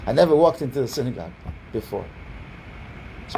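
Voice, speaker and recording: Mellow-voiced rabbi telling a rambling story. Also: male voice, mid-range voice, sing-song, a little fast, gravelly, pauses often, a little hiss or hum, low-quality recording. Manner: rambling, repeats words and restarts often; lifts his voice when quoting people. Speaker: Kabbalah teacher, rabbi. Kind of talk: storytelling lesson. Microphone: online video call.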